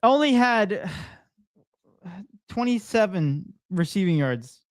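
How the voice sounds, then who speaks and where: A man's voice: high voice, lively intonation, takes it slowly, no echo. A young man co-hosting a sports podcast, upbeat and laughing often as he reads out scores and predictions. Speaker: podcast co-host.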